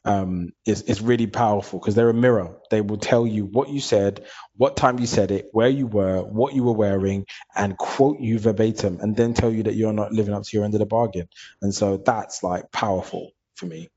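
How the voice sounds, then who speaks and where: A man's voice: lowish voice, steady tone, normal speed, mellow, breathy edge. A man, speaking openly and reflectively as a guest in an interview. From Hackney, London. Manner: earnest, open and reflective. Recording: dull lo-fi recording.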